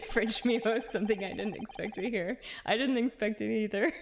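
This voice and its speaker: A woman's voice: fairly high pitch, creaky, a little hiss or hum. A woman streamer chatting casually and giggling while she plays a game, answering her chat.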